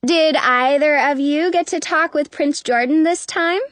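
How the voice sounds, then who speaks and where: A woman's voice: high-pitched, a little slow, a bit bright, no room sound, pitched above the performer's own voice. A woman reading aloud, voicing Cinderella as a sly young woman with a sweetly mocking edge.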